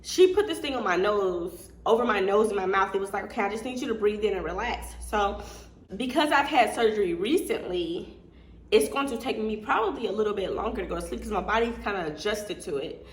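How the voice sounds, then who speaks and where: A woman's voice: medium pitch, animated, fairly quick. Young woman vlogging, chatty and candid, lots of likes and laughs, echoey room with a bit of hiss. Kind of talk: casual storytelling. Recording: echoey room with faint noise.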